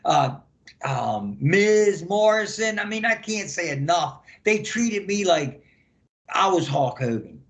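An older man with a notably high voice recounts old wrestling tales in a relaxed interview. He acts out what everyone said, bouncing between voices as he goes. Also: slow pace. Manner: animated storyteller acting out quotes. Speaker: guest, former wrestler. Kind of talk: casual storytelling interview.

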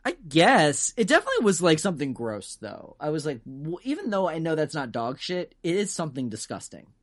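Podcast co-host, casual chat, animated, swears a lot, laughs often, very lively pitch. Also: brisk.

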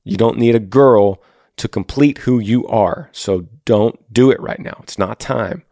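In a dry, studio-quality recording, a man with a creaky, dark, mid-range voice talks a little slowly. As host of an advice podcast, he addresses a listener straight on with earnest conviction, repeating his words to stress them.

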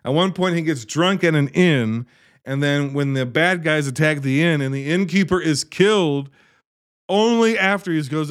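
A man's voice: a little high, moderate pace. A man giving a profane, sarcastic comedic recap of a movie, exasperated and swearing freely. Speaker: movie reviewer.

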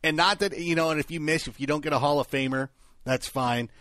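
A man's voice: fairly high pitch, fairly quick, fairly bright tone, no room sound. Chatty male sports co-host, dry studio. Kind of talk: casual sports talk. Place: broadcast studio.

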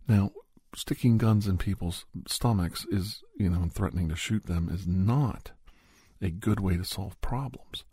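A man's voice: sits low, a little slow, warm tone, slightly rough, no room sound, clean studio sound. A man talking casually and at length, giving advice in a rambling, conversational way and acting out quotes. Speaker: advice giver.

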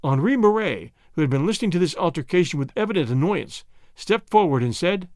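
Expressive male audiobook narrator, dry sound. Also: sits high, fairly quick, no room sound. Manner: expressive, lightly voices characters. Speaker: audiobook reader. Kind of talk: scripted narration.

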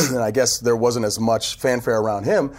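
A man telling stories in a casual podcast chat, animated and laughing often, acting out what people said. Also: medium pitch, moderate pace. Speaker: team PR executive telling stories. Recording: phone interview audio.

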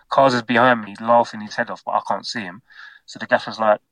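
Man telling a lively football anecdote. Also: lowish voice, fast, no room sound. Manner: animated storyteller, acts out quotes. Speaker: guest, former footballer.

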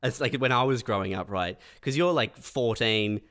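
A man's voice: medium pitch, moderate pace, a bit bright. A man in casual chat, laid-back and full of fillers.

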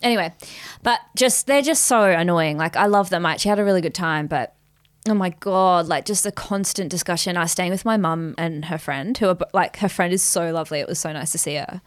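A woman's voice: on the low side, fairly quick. A woman in her thirties with an Australian accent, co-hosting a comedy podcast in a rambling, storytelling way. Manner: rambling storyteller, lots of "like" and voice impressions. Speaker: podcast co-host. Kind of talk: casual comedy chat.

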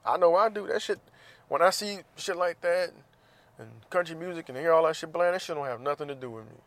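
A man's voice: fairly high pitch, brisk, fairly bright tone. A man from the United States in a casual talk, swearing freely and laughing often as he speaks with passion. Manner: profane, impassioned, laughs often.

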